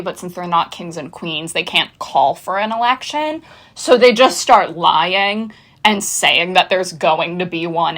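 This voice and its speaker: A woman's voice: mid-range voice, a bit bright. A woman in her twenties giving a casual, sardonic recap of a TV season, chatting and acting out the characters' lines. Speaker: video essayist.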